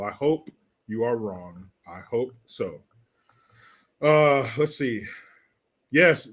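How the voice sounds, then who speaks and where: A man's voice: mid-range voice, animated, measured pace, a bit bright. A man hosting a casual commentary show, reading out viewer messages and joking between them with frequent laughs. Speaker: host.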